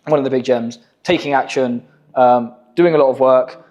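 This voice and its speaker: A man's voice: mid-range voice, fairly even intonation, moderate pace, darkish tone, lo-fi sound. A young English man hosting a casual podcast chat, telling stories in slangy, profane talk. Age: young adult. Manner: slangy, swearing, storytelling. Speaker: podcast host, agency owner.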